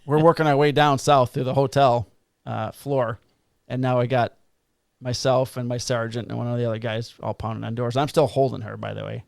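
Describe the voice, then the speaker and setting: A man's voice: medium pitch, little pitch movement, fairly quick, gravelly, darkish tone, dry recording, clean studio sound. A middle-aged man, a police officer co-hosting a podcast, tells a rambling work story in casual chat and swears freely. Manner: rambling, profane anecdote telling.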